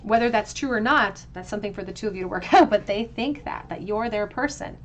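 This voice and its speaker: A woman's voice: medium pitch, brisk, slight background noise. A woman giving a pick-a-card tarot reading, talking in a flowing, reflective way and often restarting her phrases. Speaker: tarot reader.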